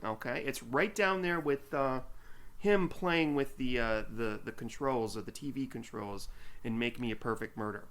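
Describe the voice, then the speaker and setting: A man's voice: medium pitch, moderate pace, fairly bright tone. A man co-hosting a film podcast, chatting casually and mocking scenes as he retells them. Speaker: podcast co-host. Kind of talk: casual chat.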